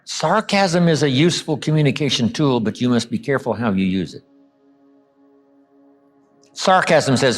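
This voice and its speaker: Animated older man giving a motivational talk. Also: mid-range voice, soft background music. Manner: animated, acts out quotes with dramatic pauses. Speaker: motivational speaker.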